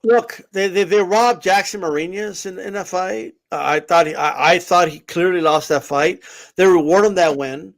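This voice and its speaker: A man's voice: sits high, normal speed. A man co-hosting a boxing podcast, ranting in a heated, profane way with lots of restarts. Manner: fired up, profane, many restarts. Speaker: podcast co-host. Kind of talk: heated casual boxing talk.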